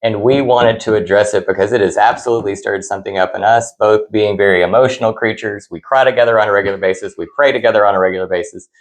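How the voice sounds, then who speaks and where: Earnest man with a low voice. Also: steady tone, quick pace, few pauses, poor audio. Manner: earnest, heartfelt, talks in long reflective runs. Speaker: podcast co-host. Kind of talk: casual chat.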